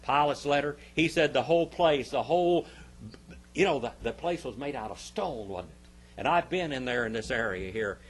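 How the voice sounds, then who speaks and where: A man teaches a church Sunday school class with a medium-pitched, animated voice at a moderate pace. He swings between loud, emphatic bursts and quiet asides, repeating phrases for emphasis.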